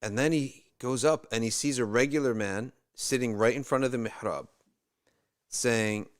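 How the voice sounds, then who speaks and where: A man's voice: medium pitch, moderate pace. A male religious teacher telling a story in a casual, conversational way, with asides and restarts. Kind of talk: storytelling talk.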